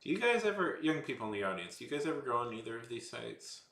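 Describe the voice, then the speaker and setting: A man's voice: medium pitch, very animated, fast talker, gravelly, a bit bright, echoey room. A man streaming while he draws, chatting casually with his viewers in a rambling, playful, joking way. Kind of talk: casual livestream chat.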